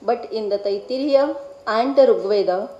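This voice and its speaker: A woman reading out an academic lecture in a measured, deliberate way, carefully pronouncing technical Sanskrit terms. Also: on the high side, mellow, reverberant, lo-fi sound. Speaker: scholar presenting a paper. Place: lecture hall.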